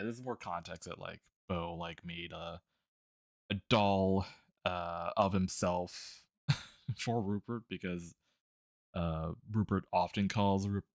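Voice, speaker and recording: A man with a low, creaky voice streams while drawing, chatting casually about a tabletop game character. He rambles with lots of fillers, restarts, and laughter, recorded in clean studio sound with no echo.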